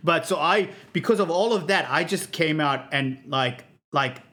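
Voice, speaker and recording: Man, 30s, slightly higher voice, rambling self-deprecating comic in casual podcast chat. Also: measured pace, fairly bright tone. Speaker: comedian guest on a podcast.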